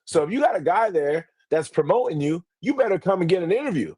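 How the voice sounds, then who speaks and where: Animated, swearing man telling a story. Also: high-pitched, fast talker, slightly rough, no room sound. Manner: animated, swears a lot, acts out quotes. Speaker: interviewer for a grappling promotion. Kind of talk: casual podcast storytelling.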